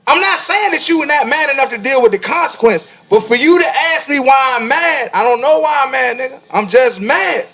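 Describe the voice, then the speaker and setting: A man co-hosting a barbershop-style podcast, arguing loudly and emphatically, repeating his points for punch. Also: extremely high pitch, expressive, brisk, vocal fry, few pauses. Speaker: podcast co-host. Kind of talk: heated barbershop debate. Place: cigar lounge.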